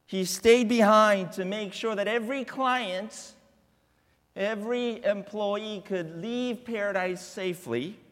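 A man preaching a sermon as a guest pastor in a church, telling a family story with drawn-out, deliberate repetitions. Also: high-pitched, a bit bright, long reverb tail. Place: church sanctuary.

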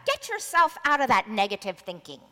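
Lady doing a pushy fired-up disciple guy, bright tense voice, big echoey hall. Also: on the high side, very animated, brisk. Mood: insistent. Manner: emphatic, scolding, raised voice. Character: impassioned adult male disciple, insistent.

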